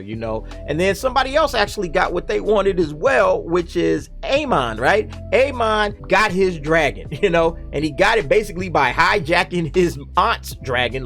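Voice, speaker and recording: A man giving a casual, animated spoken review of a TV episode, now and then acting out the characters' lines. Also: a little high.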